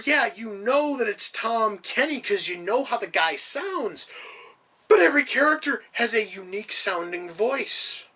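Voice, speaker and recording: Man, film review rant, high-pitched, bright and sharp, exasperated, swearing, sarcastic. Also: breathy edge. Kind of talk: ranting movie review.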